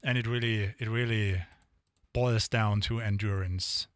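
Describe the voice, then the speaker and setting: A man's voice: on the low side, steady tone, unhurried, dry recording, studio quality. A man streaming drum sessions, chatting casually and rambling to viewers between songs. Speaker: drumming live streamer.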